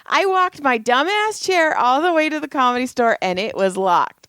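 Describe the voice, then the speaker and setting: A woman co-hosting a podcast, telling a story in casual chat, animated and swearing, acting out quotes. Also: high-pitched, moderate pace, dry recording. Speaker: podcast co-host.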